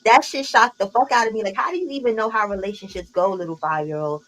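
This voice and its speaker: A woman hosting a casual live group chat, telling stories in an animated, slangy, profanity-laced way. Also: mid-range voice, fast talker, rough recording. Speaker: live stream host.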